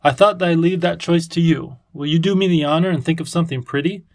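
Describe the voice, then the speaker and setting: A man voicing an excitable, lovestruck creature king who talks with a lisp. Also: on the high side, fast, lightly acted. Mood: affectionate.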